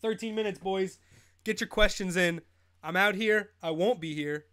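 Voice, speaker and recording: A man's voice: sits high, moderate pace, a bit bright. A young man in his twenties hosting a live fantasy football stream, rambling and joking in casual chat, laughing often. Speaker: host.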